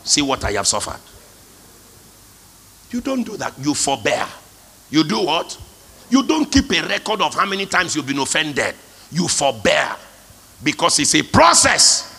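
A man's voice: fairly high pitch, very animated, moderate pace, gravelly, pushed and bright, breathy edge. A male pastor preaching a sermon, emphatic, calling out to the congregation for responses. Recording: long hall reverb.

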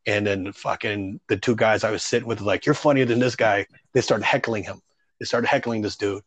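Man, stand-up comic, rambling anecdote, lots of fillers and swearing, lowish voice, dry close sound. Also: steady tone, fairly quick, a bit bright, husky, dry recording. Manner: loose, rambling, profane, heavy on fillers. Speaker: stand-up comedian. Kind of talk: casual storytelling interview.

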